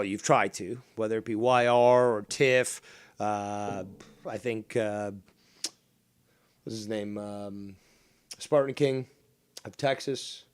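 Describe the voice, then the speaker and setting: A man's voice: mid-range voice, smooth, dry recording. A man hosting a call-in stream, ranting in an angry, mocking way with a lot of swearing. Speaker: stream host. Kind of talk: ranting livestream commentary.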